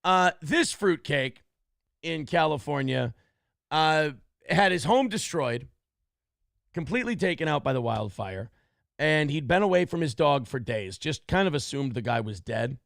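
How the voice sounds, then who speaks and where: Guy ranting crude jokes on his show, gravelly voice, bouncy pitch, dry sound. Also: expressive, unhurried, fairly bright tone, dry recording. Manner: crude, profane, mocking rant. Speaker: morning show host. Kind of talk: comedic commentary on a news clip.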